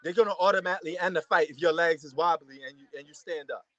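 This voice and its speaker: A man giving a casual, excitable reaction commentary to a boxing match, repeating himself and using slang. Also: a little high, fast, no echo, dull audio. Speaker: fight reaction host.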